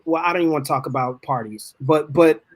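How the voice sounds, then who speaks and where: A man's voice: on the high side, fast. A man co-hosting a talk show, cutting in with hold on and lecturing his view with many repeats. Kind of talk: heated casual debate.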